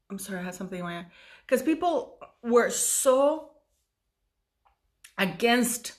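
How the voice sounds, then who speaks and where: Woman, fifties, mid pitch, tired, rambling, emotional, casual commentary, lots of restarts. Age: 50s. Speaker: YouTube commentator.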